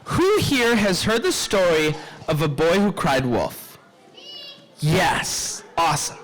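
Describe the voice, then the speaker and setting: A man telling a story to children at a live convention session, expressive and engaging the audience with call-and-response. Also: a little high, slow pace, low-quality recording.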